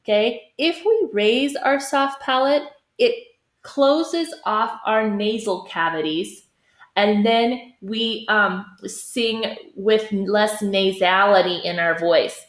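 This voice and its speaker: A woman teaching singing in a slow, deliberate way, often pausing to ask "okay?" and sometimes singing short phrases as examples. Her voice carries a noticeable room echo. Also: mid-range voice. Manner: demonstrates sung phrases, checks in with "okay?". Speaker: choir teacher. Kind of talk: singing lesson. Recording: echoey room.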